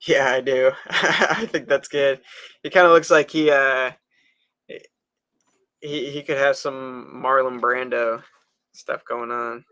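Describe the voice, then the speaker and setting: A man chatting casually and slowly on a livestream while sculpting, with many fillers. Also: medium pitch, smooth. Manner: slow, relaxed, with frequent fillers.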